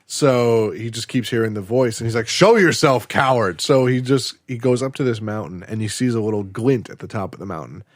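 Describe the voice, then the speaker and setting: A man with a fairly low voice, animatedly retelling a cartoon episode for a podcast. The sound is dry and close, with no room around it. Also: no echo. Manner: animated storytelling, acting out quotes. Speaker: podcast host. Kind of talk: casual episode recap.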